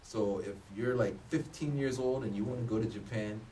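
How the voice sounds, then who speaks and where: A man in his thirties, a vlogger, gives loose, joking job advice to the camera and keeps restarting his sentences. His voice is lowish and dark at a moderate pace, and it sounds a bit distant from the mic with faint room noise.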